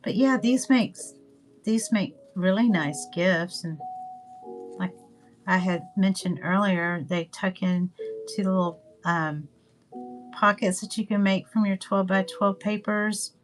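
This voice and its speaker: A woman's voice: medium pitch, fairly even intonation, slow, low-quality recording. An older woman from Northwest Florida with a Southern accent, chatting casually and rambling while she crafts on a livestream. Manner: rambling, chatty, trails off with ums. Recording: music playing behind.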